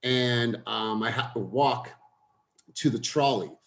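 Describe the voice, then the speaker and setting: A man's voice: medium pitch, takes it slowly, vocal fry, a bit bright. A young man leading a group coaching call, telling a personal story in an earnest way and speaking directly to the group.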